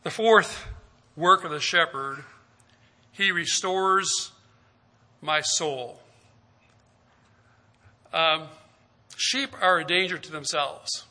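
A man's voice: a little high, drawn-out words, long pauses, sharp tone. A man preaching a sermon, retelling scripture stories and acting out their dialogue, with questions to the listeners. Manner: asks the listeners direct questions.

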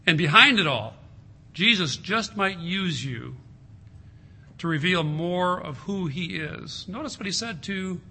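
A man preaching a sermon in an earnest way, slowing down and softening his voice to stress a point. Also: high voice, expressive, slightly rough. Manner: earnest, slows and softens for emphasis. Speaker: pastor.

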